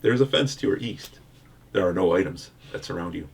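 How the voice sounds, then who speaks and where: A man acting as game master in a board game playthrough, reading out results in an even, formal way and laughing often. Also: low-pitched, fairly quick, gravelly, breathy edge.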